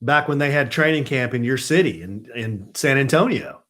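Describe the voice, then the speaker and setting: A middle-aged man hosts a live stream from his home in easy, rambling chat. His pitch is middling but swings widely, and it climbs high when he vents in exasperation. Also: animated, moderate pace, fairly bright tone. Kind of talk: casual chat with viewers.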